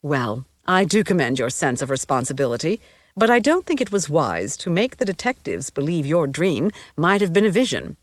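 A woman voicing a falsely caring female mentor who speaks in a measured, soothing way in an audiobook. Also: low-pitched, sing-song, dry recording.

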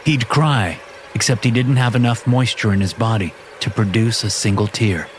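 Low-voiced man narrating a horror story. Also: a little hiss or hum. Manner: steady, measured storytelling. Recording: music playing behind.

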